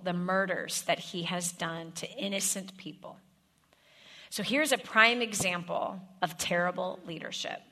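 A woman's voice: medium pitch, sharp tone. A woman preaching a sermon, directly coaching her listeners with step-by-step scripts and repeated questions.

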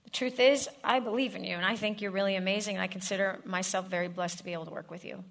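A woman's voice: medium pitch, steady tone, fast talker, gravelly, fairly bright tone. A woman preaching a sermon, directly coaching her listeners with step-by-step scripts and repeated questions.

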